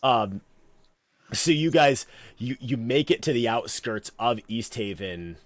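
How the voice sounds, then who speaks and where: A man narrating as game master of a tabletop game, relaxed and meandering, with many fillers. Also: mid-range voice, takes it slowly, dry recording.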